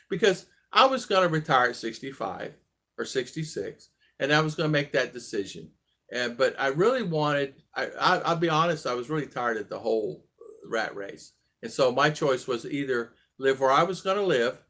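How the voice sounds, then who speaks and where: A man's voice: mid-range voice, pushed and bright. A man in his sixties casually telling a personal story on his vlog, rambling and restarting his sentences. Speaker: vlog host.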